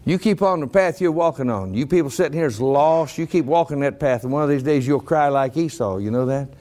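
A man preaching a sermon to a congregation, rising to shouted emphasis. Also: a little high, lively intonation, brisk. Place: church congregation.

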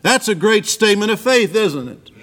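Here a man preaches a church sermon in an animated, slightly bright voice at a moderate pace. He retells scripture, letting his pitch climb and fall dramatically for emphasis.

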